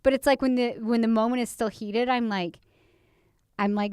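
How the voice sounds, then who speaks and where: A woman's voice: fairly high pitch, fairly even intonation, moderate pace, a little mellow, clean tone, dry recording, studio quality. A woman co-hosting a casual couples podcast with her husband, talking in a rambling way full of fillers and frequent laughs. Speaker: podcast co-host, wife.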